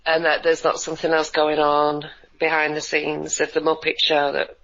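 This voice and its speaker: A woman's voice: low-pitched, completely flat delivery, moderate pace, a bit bright, muffled recording. A woman co-hosting a radio chat, speaking in a wry, offhand way over a remote line. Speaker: co-host.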